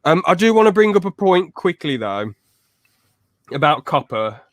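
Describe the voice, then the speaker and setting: A young man hosting a podcast in casual chat, telling stories lively and acting out quotes. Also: on the high side, normal speed, no echo, studio quality. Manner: lively storyteller who acts out loud quotes. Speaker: podcast host.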